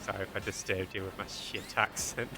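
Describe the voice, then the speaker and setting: A man's voice: deep voice, little pitch movement, a little fast, background noise. A man with a Mancunian accent streaming a game live, rambling and joking with his chat in a self-mocking way. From Manchester, England. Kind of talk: casual live-stream chat while playing. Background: game music.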